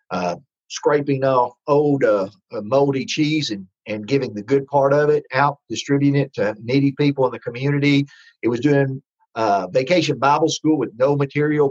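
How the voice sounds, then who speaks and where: A man telling his faith testimony in a rambling, halting way, full of restarts. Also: medium pitch, highs cut off. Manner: rambling, with many restarts and fillers. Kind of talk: storytelling testimony.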